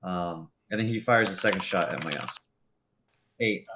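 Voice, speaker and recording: A man's voice: low-pitched, moderate pace, bright, forceful tone, slight background noise. A man running a tabletop game as game master, narrating loosely with lots of fillers and laughs.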